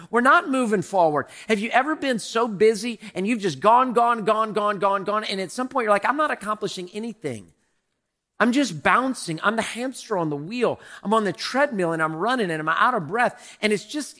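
High, bright-voiced animated male pastor. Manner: animated, repetitive, calls on the congregation. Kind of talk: sermon.

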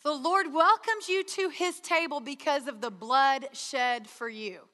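High bright woman preaching in a hall. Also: a little slow. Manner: earnest, acts out prayer dialogues with God. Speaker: retreat speaker. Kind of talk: sermon. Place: large hall. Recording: hall reverb.

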